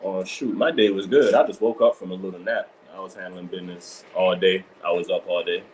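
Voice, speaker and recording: A man's voice: sits low, steady tone, fairly quick, darkish tone, a little hiss or hum, poor audio. A man, co-hosting a casual live-stream chat in an easygoing, joking way. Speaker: co-host.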